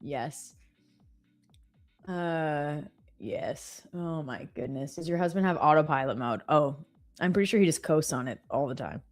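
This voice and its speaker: Lower-pitched woman, chatty trading streamer. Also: measured pace, darkish tone, soft background music. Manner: chatty, laughing, cheering trades on. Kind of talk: casual live-stream chat while trading.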